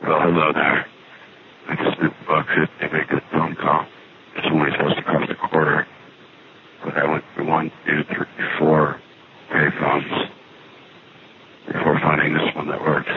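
A man's voice: very deep voice, monotone, measured pace, gravelly, pauses often. A man leaving a wry, meandering phone message from a payphone. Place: outdoor payphone. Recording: noisy tinny payphone line.

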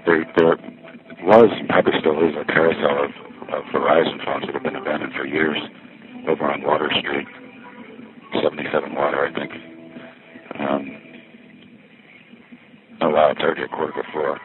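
A man's voice: a bass voice, level tone, normal speed, pauses often. A man, a little winded, rambling wryly as he walks through a busy ferry terminal. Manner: wry, chatty, thinking aloud. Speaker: payphone vlogger. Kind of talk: rambling first-person walkthrough. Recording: tinny lo-fi with faint background noise.

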